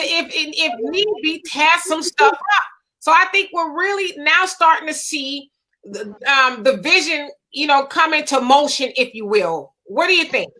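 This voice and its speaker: A woman's voice: sits high, bright, forceful tone. A woman hosting a casual interview, chatty and full of fillers as she asks questions. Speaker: host.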